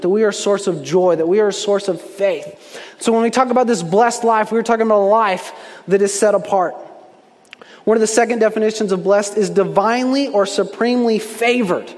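A man's voice: high voice, a little mellow. A young adult man preaching a sermon, telling a story and acting out the quoted voices with animation. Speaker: pastor. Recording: long hall reverb.

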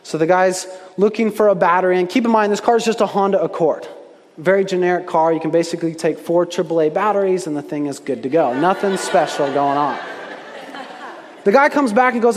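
Man preaching, high voice, animated storyteller, long echo of a big church hall. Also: a little fast. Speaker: pastor. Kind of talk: sermon.

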